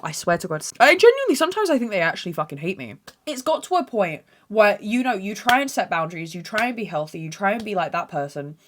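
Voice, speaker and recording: Bright-voiced sweary woman. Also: mid-range voice. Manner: blunt, sweary, dramatic and unfiltered. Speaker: podcast host. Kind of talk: casual storytelling monologue.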